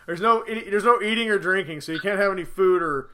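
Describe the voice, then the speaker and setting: A man in his thirties co-hosting a casual podcast, telling stories about his kids with lively retellings of their lines. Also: high voice, brisk. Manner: animated storyteller, acts out his kids' lines. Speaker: podcast co-host.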